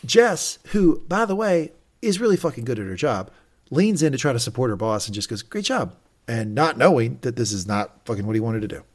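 A man's voice: medium pitch, brisk. A man co-hosting a podcast, recapping an episode in casual chat and acting out lines from it. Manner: animated, acts out quotes from the show. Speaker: podcast co-host.

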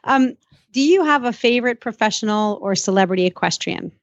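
A woman host asks questions in a bubbly, upbeat way. Her voice sits a bit high. The sound is dry and a little muffled. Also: animated, a little fast, no room sound. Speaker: podcast host. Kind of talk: casual interview.

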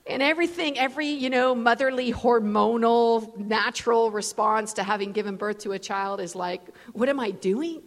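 A woman preacher giving a storytelling sermon in a casual, animated way, full of fillers. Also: a little high, moderate pace, few pauses, long reverb tail. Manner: conversational, animated, many fillers. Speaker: preacher, guest speaker. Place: large event hall.

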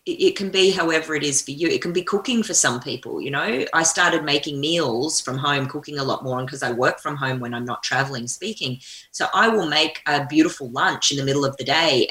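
A woman's voice: extremely low pitch, pushed and bright. A woman speaking as an interview guest, talking energetically in a coaching tone. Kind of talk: conversational interview. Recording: echoey room.

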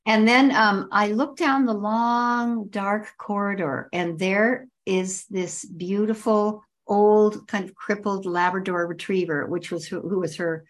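A woman's voice: mid-range voice, steady tone. An older woman, a podcast guest, telling a personal story in vivid detail and stretching out her emphatic words. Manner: vivid, repetitive description with drawn-out emphasis.

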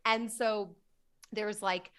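A woman comedian, a guest on a podcast, telling stories in animated, quick bursts. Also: medium pitch, clear, resonant tone. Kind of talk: casual podcast chat.

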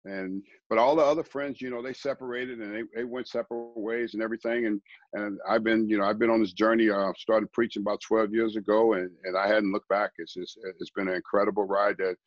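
A middle-aged man, a guest preacher, telling his life story in a rambling, quiet way, often repeating words. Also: lowish voice, fairly even intonation, a little fast, dry recording, dull audio. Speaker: guest, former baseball player turned preacher. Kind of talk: conversational storytelling.

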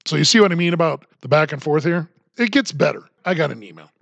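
Podcast host, man, sarcastic ranter, lively swooping delivery, dry close sound. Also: a little high, fast talker, gravelly, dry recording, highs cut off. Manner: sarcastic, ranting. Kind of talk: solo political commentary podcast.

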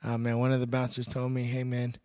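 A young man from Texas trades stories in a relaxed podcast interview, blunt and unbothered, cursing as he goes. His voice sits at an ordinary middle pitch. It is captured dry and close on a studio mic. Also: brisk, dry recording. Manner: laid-back, blunt, swears freely. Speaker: podcast guest, bouncer and MMA fighter. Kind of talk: casual storytelling chat.

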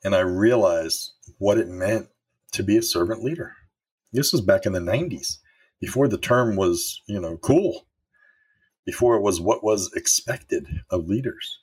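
Middle-aged man, low husky voice, candid storyteller giving a motivational leadership talk. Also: a little slow, darkish tone. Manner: candid and storytelling, with occasional swearing. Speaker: former manager sharing leadership lessons.

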